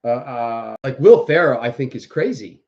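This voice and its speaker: A man's voice: medium pitch, expressive, moderate pace, a little mellow. Rambling man on a lo-fi livestream. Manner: rambling, many restarts and fillers; mocks others with exaggerated quoted voices. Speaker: livestream host. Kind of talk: casual political commentary. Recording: dull lo-fi audio.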